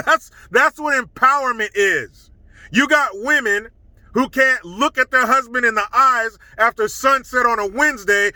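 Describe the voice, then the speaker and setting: A man's voice: high-pitched, bright, forceful tone, no room sound, rough recording. A middle-aged man giving a blunt, scornful opinion monologue as a commentary vlogger.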